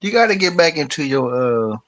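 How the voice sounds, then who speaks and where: Male co-host, animated jokey banter, swinging intonation. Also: fairly high pitch, brisk, over a noisy crowd. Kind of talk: casual livestream chat.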